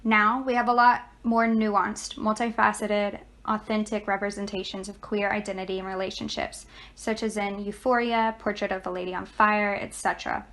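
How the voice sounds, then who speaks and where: Student presenter, young woman, mid-pitched, steady read delivery. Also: moderate pace. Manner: steady, reading from notes.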